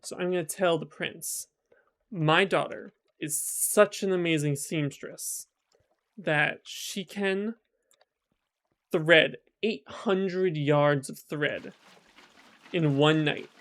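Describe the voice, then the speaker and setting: A man's voice: on the high side, slow, long pauses, a bit bright. A man voicing a sly, boastful seamstress mother in a retold folk tale. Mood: scheming. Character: scheming, clever seamstress mother.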